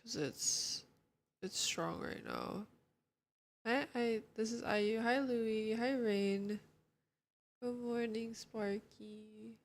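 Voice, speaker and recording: A young woman chats with her stream audience from home, greeting people one after another. Her sleepy morning voice carries a gravelly fry, and she speaks at an unhurried, slow pace. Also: fairly high pitch. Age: young adult. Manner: greets chat viewers one by one, relaxed and chatty. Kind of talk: casual chat.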